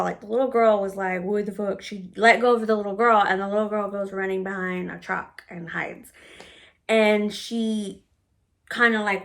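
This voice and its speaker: A woman's voice: mid-range voice, fairly bright tone. A woman vlogger telling a personal story in a brash, sassy way, full of swearing. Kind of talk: casual storytime.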